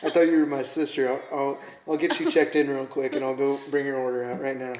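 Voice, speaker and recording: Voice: medium pitch, level tone, fast talker, a little mellow, reverberant, dull audio. A podcast guest in a casual chat, telling a funny story with lots of laughter.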